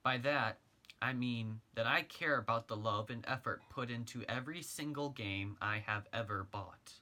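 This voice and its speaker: A man's voice: medium pitch, normal speed, pushed and bright, natural voice. Chatty teen boy gamer, read by a man. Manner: talks straight to the listener, chatty. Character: sixteen-year-old boy gamer, chatty and earnest. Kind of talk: first-person storytelling reading.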